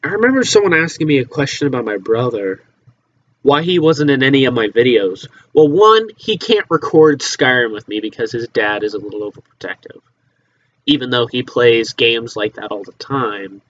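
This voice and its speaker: A man's voice: medium pitch, fairly bright tone, dull audio, a little hiss or hum. A teenage boy vlogging at home, chatting casually and offhandedly, rambling, swearing now and then and trailing off into mutters, recorded on a laptop microphone. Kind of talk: casual rambling chat to camera.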